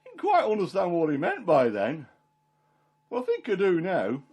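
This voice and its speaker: A man's voice: high voice, huge pitch swings, normal speed, a little mellow, breathy edge, heavily acted. A man playing Peter, homely fisherman. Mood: excited. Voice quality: homely dialect storytelling, plain and chatty. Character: Peter the fisherman, plain-spoken and earnest. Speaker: Christian storyteller in character. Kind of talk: first-person character monologue.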